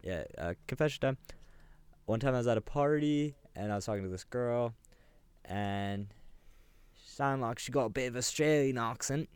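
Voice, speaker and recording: Young guy on a podcast, smooth voice, dry sound, rambling jokey stories. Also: mid-range voice, normal speed, no room sound. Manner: joking, storytelling, crude. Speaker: podcast co-host. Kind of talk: casual chat.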